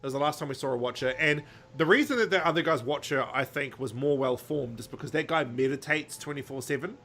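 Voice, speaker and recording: Man, podcast co-host, casual recap, bright clear tone, rambling with many ums. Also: mid-range voice, fast. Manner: rambling, lots of ums, jokey retelling.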